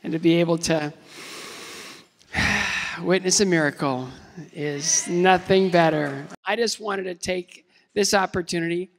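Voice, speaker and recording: A man's voice: high voice, measured pace, pauses often. A man in his fifties from the United States giving a motivational keynote talk, casual and self-deprecating, with many fillers and restarts. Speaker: keynote speaker. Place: large event hall. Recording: long hall reverb.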